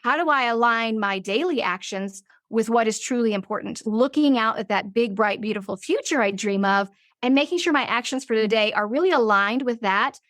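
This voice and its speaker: A woman in her forties, a business owner and interview guest, telling stories in a vivid, animated way. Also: fairly high pitch, no room sound, clean studio sound. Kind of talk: casual interview storytelling.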